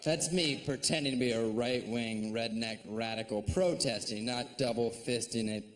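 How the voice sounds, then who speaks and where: A man doing a sardonic, mocking stand-up comedy set on stage, slipping into shrill put-on voices. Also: normal speed. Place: comedy stage before a live audience. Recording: live stage recording with audience noise.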